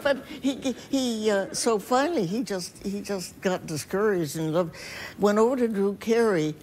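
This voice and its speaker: A woman's voice: mid-range voice, moderate pace, darkish tone, a little hiss or hum. An older woman, an actress, telling anecdotes as a talk show guest with frequent chuckles. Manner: chuckling storyteller, self-deprecating. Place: TV studio.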